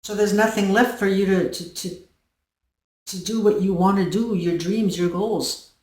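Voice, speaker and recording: A woman's voice: mid-range voice, far from the mic. Earnest woman speaking from across an echoey room. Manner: slow, earnest, storytelling with soft dips in volume. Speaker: channel host. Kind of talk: reflective self-help monologue. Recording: roomy echo, voice set back from the mic.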